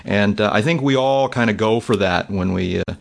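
A man's voice: fairly low pitch, normal speed, vocal fry. A man from the Boston area hosting an aviation podcast, talking casually over a conference call with frequent fillers. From Boston area, USA. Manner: chatty, relaxed, frequent fillers. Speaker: podcast host. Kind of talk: casual chat. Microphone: remote call mic.

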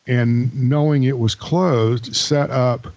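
Gravelly man with lots of ums. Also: medium pitch, steady tone, slow pace, darkish tone, no echo, dull audio. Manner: hesitant, many fillers. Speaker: podcast co-host. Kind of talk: casual chat.

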